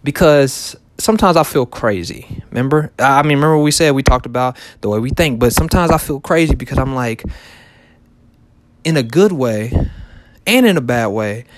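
A man's voice: mid-range voice, lively intonation, normal speed. A man in his thirties talking casually to his viewers in a loose, repetitive way, full of fillers and restarts. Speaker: vlogger and shoe reseller. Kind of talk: casual motivational talk to camera.

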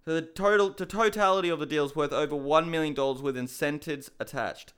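A young man delivers fired-up commentary to his viewers, sounding disbelieving and swearing as he goes. His voice sits a touch high and comes across smooth and clear. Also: fast, a bit bright. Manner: heated, incredulous, swearing. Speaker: MMA commentator. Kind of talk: ranting commentary to camera.

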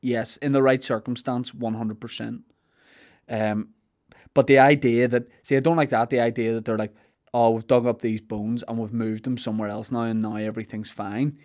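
This man speaks in a mid-range, darkish voice with a level tone, keeping to a moderate pace. He's a Belfast-accented podcast host in a loose, comedic chat, wandering from topic to topic, joking around and doing daft voices.

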